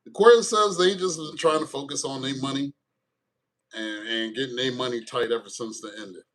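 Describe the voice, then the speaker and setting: A man giving a casual tarot reading, animated and jokey, with crude asides. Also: mid-range voice, a little fast. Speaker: tarot reader.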